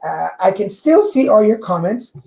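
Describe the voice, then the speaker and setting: A woman with a slight Mexican accent, hosting a livestream tarot show and chatting casually and excitedly to viewers, often restarting her sentences. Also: mid-range voice, normal speed, vocal fry, rough recording. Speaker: livestream tarot reader host. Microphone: corded mic.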